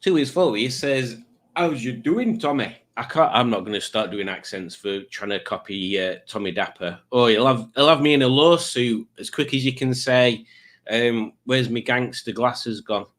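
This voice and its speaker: A man's voice: mid-range voice, moderate pace, fairly bright tone. A man in a mid-range voice hosts a live stream, reading chat messages aloud in a loose, rambling way. He drifts into dry little asides and fills gaps with ums and uhs. He talks close to a desk mic. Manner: rambling, wry asides with frequent fillers.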